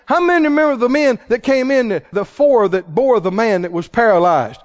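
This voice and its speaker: A man preaching a sermon who rises into shouts and calls out questions to the congregation. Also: high voice, normal speed, lo-fi sound.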